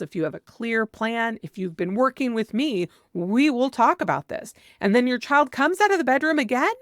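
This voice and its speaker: A woman's voice: fairly high pitch, fairly bright tone, no room sound, studio quality. A woman parenting coach giving earnest, direct advice, sometimes acting out what a parent might say with emphasis. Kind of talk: advice monologue.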